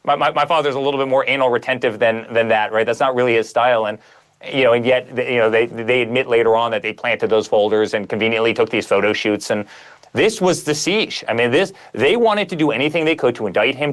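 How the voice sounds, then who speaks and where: A man's voice: mid-range voice, fast. A man speaking as a guest author in a conversational interview, emphatic and piling up repeated phrases.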